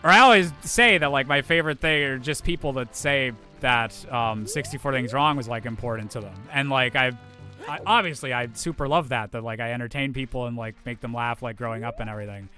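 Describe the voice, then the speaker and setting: A man's voice: medium pitch, fairly quick, sharp tone. A man streaming a game and chatting casually with viewers, rambling upbeat with lots of restarts and fillers, with faint game music behind him. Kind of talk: casual chat while gaming.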